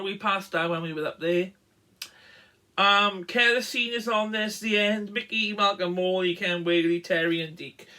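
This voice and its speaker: A man's voice: high voice, bright, forceful tone. A man, a guitarist, casually showing his vinyl records and rambling through track lists with plenty of ums and uhs. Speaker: musician, guitarist. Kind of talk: casual show-and-tell.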